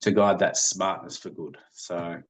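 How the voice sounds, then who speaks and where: A man's voice: deep voice, steady tone, a little slow. A man, a podcast guest telling family stories in a rambling way, with many restarts and small laughs. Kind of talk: casual storytelling.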